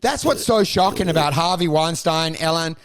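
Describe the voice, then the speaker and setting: A man riffs through crude, rambling rants on a comedy podcast. His voice sits unusually high and carries a gravelly rasp. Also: moderate pace. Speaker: podcast co-host. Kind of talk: casual comedic chat.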